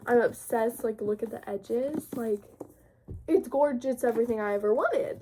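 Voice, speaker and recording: In a fairly high voice at a moderate pace, a sniffly teen book vlogger rambles on about the new books she's gotten. She's got a cold, but she stays bubbly, padding her casual chat with plenty of fillers. There's noise in the background.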